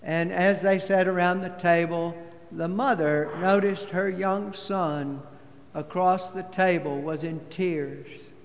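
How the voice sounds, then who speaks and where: A pastor delivers a sermon in a measured, deliberate manner, his voice sitting high for a man. He takes his time, letting each phrase land. A long reverb fills the sanctuary around him. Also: steady tone. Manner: measured, deliberate preaching with storytelling. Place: church sanctuary.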